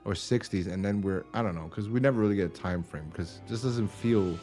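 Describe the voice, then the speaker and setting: A man's voice: lowish voice, brisk, warm tone, soft background music. A man co-hosting a podcast in casual chat, rambling, laughing and swearing as he retells stories. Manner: rambling, swears and laughs often, acts out quotes. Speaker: podcast co-host.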